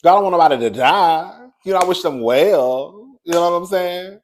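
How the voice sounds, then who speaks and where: A man giving casual celebrity gossip commentary, chatty and sassy, calling his viewers "girl" and swinging from low murmurs to high excited bursts. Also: moderate pace.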